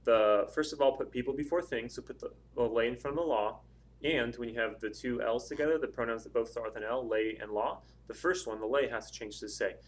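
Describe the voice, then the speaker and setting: A man teaching a language lesson, explaining step by step with patient pauses and frequent ums. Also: medium pitch. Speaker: Spanish teacher.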